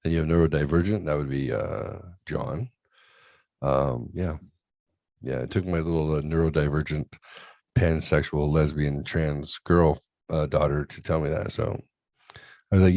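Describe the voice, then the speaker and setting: A man's voice: very deep voice, fairly even intonation, measured pace, vocal fry, a little mellow, dry recording. A man hosting a talk show, chatting crudely and rambling, often acting out other people's voices in his stories. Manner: profane, rambling, acts out voices in anecdotes. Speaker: podcast host. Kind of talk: crude comedic chat.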